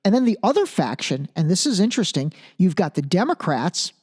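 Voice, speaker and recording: A man's voice: sits high, very animated, fairly quick, a little mellow. A man hosting a solo podcast, talking casually and thinking aloud, restarting phrases and checking in with the listener. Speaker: podcast host.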